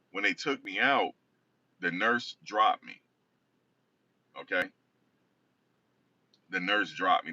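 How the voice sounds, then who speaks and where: A man's voice: low voice, bright, forceful tone. A man casually telling a rambling personal story, often correcting himself. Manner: rambling, self-correcting, conversational. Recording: distant dull lo-fi recording.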